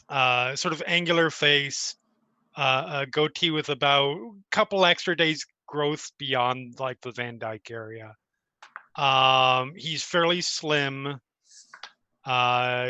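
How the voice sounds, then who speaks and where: A man playing a tabletop game, describing his character haltingly with many fillers. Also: a little high, pushed and bright, dry recording, highs cut off. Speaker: player.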